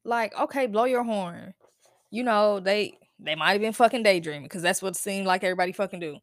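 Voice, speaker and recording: A woman rants alone on her podcast, blunt and full of profanity. She fires off disbelieving questions in a voice of middling pitch. The close mic sounds dry, with no room around it. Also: a little fast, no echo. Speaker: podcast host. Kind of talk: casual solo podcast rant.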